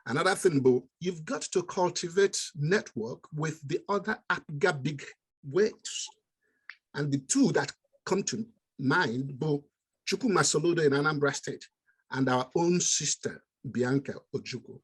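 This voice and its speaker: A man's voice: on the high side, measured pace, fairly bright tone, breathy edge. A man giving emphatic, encouraging advice on a video call. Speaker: meeting participant.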